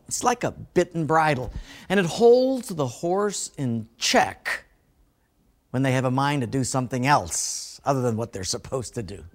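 A man preaching a sermon as a pastor, telling folksy stories and laughing at his own jokes. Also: a little high.

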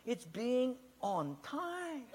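A man voicing a calm, wise man in a joke, speaking slowly and knowingly. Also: very high-pitched, long reverb tail, heavy background noise, voice pushed up, full character voice. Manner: slow, knowing, unhurried.

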